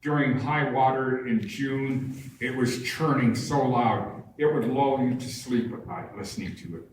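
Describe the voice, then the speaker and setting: An older man giving a public talk, telling his stories in an unhurried, humorous way. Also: mid-range voice, slight background noise. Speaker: guest speaker at a public talk. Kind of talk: storytelling talk. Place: large barn hall with an audience. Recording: echoey hall, far from the mic.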